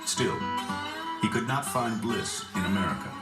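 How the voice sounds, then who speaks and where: Narrator man over loud music. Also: lowish voice, expressive, echoey room, recorded from a distance. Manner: measured storytelling. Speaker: documentary narrator. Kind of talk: scripted narration.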